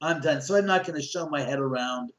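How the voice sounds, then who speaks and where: A man talking as a guest on a show, telling a lively story and acting out the dialogue. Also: medium pitch, fast talker. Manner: lively, acts out quoted dialogue, chuckles often. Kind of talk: animated anecdote telling. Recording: roomy echo.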